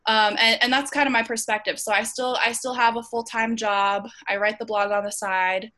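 Bright-voiced woman hosting a video call. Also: fairly high pitch, fairly even intonation, moderate pace. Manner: earnest, frequent ums and self-restarts. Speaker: host of an online Bible study. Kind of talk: casual group discussion.

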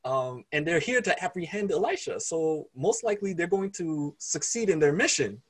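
A man preaching, retelling a story in an animated, conversational way. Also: on the high side, normal speed. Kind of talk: sermon storytelling.

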